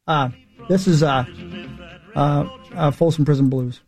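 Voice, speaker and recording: A man's voice: fairly high pitch, unhurried, a little mellow, faint music behind. Rambling 40s male radio host. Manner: rambling storyteller, emphatic and self-mocking. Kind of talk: casual morning radio chat.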